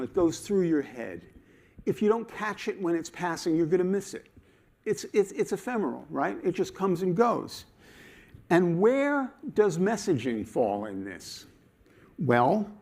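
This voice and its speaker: A man giving a talk at a conference, animated and playful, acting out his examples as he explains them. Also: on the high side. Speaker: conference speaker.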